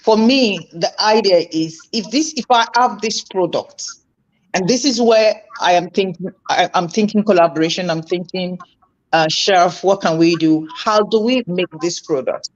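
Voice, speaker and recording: A woman's voice: fairly low pitch, normal speed, dull audio. Earnest woman guest thinking aloud. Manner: thoughtful, earnest, repeats words while thinking. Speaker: interview guest, food entrepreneur. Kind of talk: interview.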